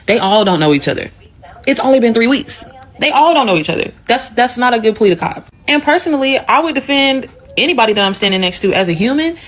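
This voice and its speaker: A woman's voice: a little high, expressive, quick pace, rough recording. Blunt, profane woman commentator. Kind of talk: casual commentary.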